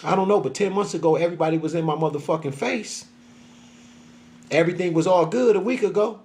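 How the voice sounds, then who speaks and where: A man's voice: sits high, quick pace, darkish tone. A middle-aged man venting in a casual, profane monologue, often acting out what other people said to him. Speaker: social media creator.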